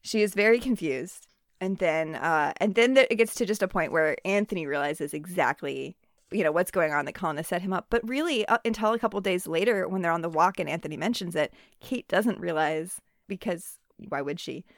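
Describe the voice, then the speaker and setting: A woman's voice: lowish voice, dry recording. Woman recapping a book, dry close sound. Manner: animated retelling with quick quoted asides. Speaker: podcast co-host. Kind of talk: casual book discussion.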